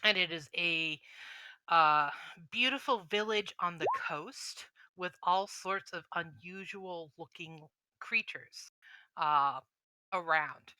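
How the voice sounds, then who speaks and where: Slow bright-voiced woman game master. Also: on the low side, smooth, no echo, rough recording. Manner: descriptive, hesitant with fillers. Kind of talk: narrating a tabletop game.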